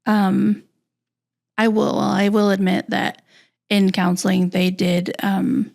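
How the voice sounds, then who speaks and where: A woman guest on a podcast, telling a personal story in a halting, candid, soft-spoken way. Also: mid-range voice, little pitch movement, vocal fry.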